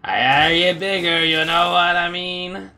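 A man's voice: high-pitched, steady tone, unhurried, sharp tone, faint music behind. A man hosting a casual let's-play, joking and talking to the characters on screen as he plays. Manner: playful, jokey, talks to game characters. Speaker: gaming video host.

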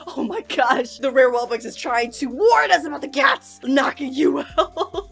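Giggly high-voiced young woman reacting. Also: unhurried, creaky, few pauses, a bit bright. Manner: giggly, often bursting into laughter. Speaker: YouTuber reacting to clips. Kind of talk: casual reaction commentary. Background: game music clips.

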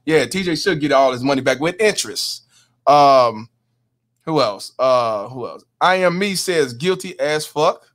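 A man's voice: medium pitch, expressive, a little slow, fairly bright tone. A man hosting a casual livestream, reading viewer comments aloud and emphatically agreeing with them. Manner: emphatic, repeats "hundred percent", reads chat names. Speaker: livestream host.

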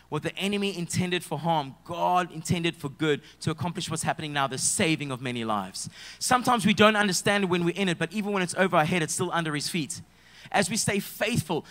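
Pastor preaching a sermon. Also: male voice, high voice. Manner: dynamic, swings from loud shouts to soft hushed tones. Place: church.

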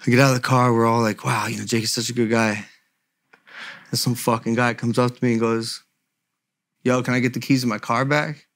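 A man's voice: mid-range voice, flat delivery, a little fast, pauses often, fairly bright tone. A young man hosting a podcast, telling a story in casual, profane, emphatic speech. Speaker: podcast host.

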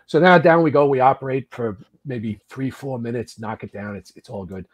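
This mid-range voice belongs to a U.S. man in his early sixties who shares firefighting tales as a podcast guest. He's lively and profane, restarts frequently, and keeps a moderate pace.

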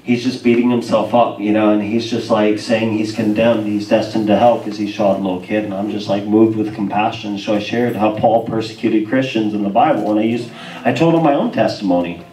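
A young man preaching in a church, telling a testimony story with animated voices and frequent laughter. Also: lowish voice, a little fast, slight background noise. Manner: animated storytelling, acts out dialogue, laughs often. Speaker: guest preacher. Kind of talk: sermon testimony. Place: church sanctuary. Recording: roomy church audio, mic far off.

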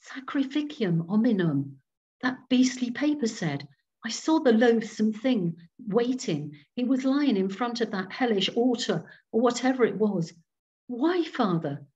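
A woman's voice: a little high, expressive, unhurried, warm tone, pitched above the performer's own voice. A woman voicing an earnest, shaken Englishman who speaks urgently, heard over a dull video call. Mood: appalled. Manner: urgent, appalled.

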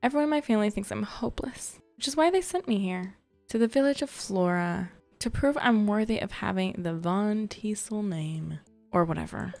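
A woman's voice: mid-range voice, animated, normal speed, creaky, darkish tone, no echo, soft background music. A woman voicing a sassy, rebellious teenage witch girl as she reads game dialogue aloud, sarcastic and dismissive.

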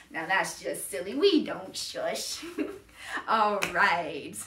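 A woman's voice: lowish voice, expressive, very slow, background noise. A woman librarian reading a picture book aloud to young children in a sing-song storytime style, putting on voices. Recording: echoey room, distant mic.

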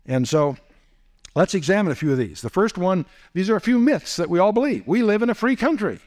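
A man's voice: high voice, lively intonation, a little fast, a little mellow. A man giving a teaching lecture as a Bible teacher, posing rhetorical questions and dropping wry asides. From United States.

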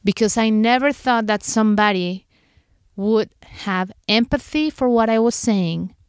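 Smooth-voiced woman telling a personal story. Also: fairly high pitch, unhurried, no room sound, clean studio sound. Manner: candid, emotional retelling with acted inner quotes. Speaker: podcast host.

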